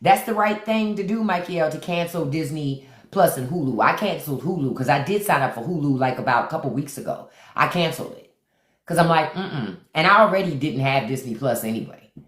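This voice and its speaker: A woman's voice: low-pitched, animated, fairly quick. A woman hosting a livestream, talking bluntly and preachily, repeating lines for emphasis and greeting viewers by name. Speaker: live stream host. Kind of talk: livestream commentary. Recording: echoey room.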